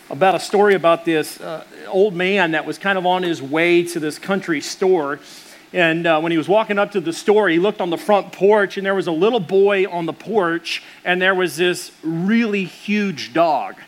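Male pastor, high voice, casual storytelling sermon, lots of fillers.

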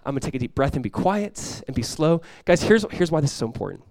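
A male pastor preaching in a conversational sermon style, dropping to a hushed voice when acting out prayers. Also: on the high side, big pitch swings, fast talker, no room sound, clean studio sound.

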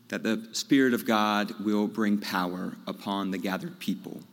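Pastor, male, lowish voice, measured storytelling sermon; long church reverb. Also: steady tone. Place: large church sanctuary.

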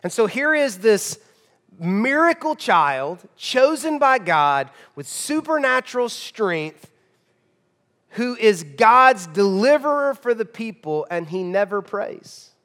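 Brief: male pastor, emphatic conversational sermon, slightly high voice, church hall reverb. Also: big pitch swings, slow. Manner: conversational, emphatic, shifts between loud and hushed.

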